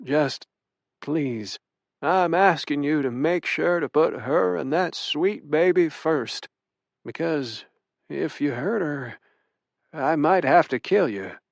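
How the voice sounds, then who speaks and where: A protective old Southern grandfather with a drawl and a war veteran's gravity, as a male audiobook narrator puts him on. He speaks in a slightly raised register, measured and quietly intimidating, yet with tenderness underneath. The read is close and dry, with no room around it. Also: a little high, no echo. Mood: earnest. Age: older. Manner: gruff and protective, softening to tender. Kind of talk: audiobook character voice.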